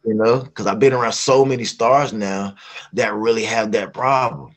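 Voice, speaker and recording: A man's voice: fairly low pitch, moderate pace. A middle-aged man from West Virginia, a singer telling stories as a guest in a casual interview and acting out the voices he quotes. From West Virginia, USA. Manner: animated, acts out quoted voices.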